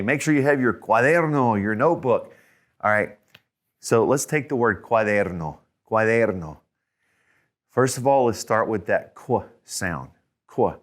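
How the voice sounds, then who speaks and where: Male tutor, lowish voice; patient step-by-step explainer who repeats sounds. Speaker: language tutor. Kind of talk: spelling lesson.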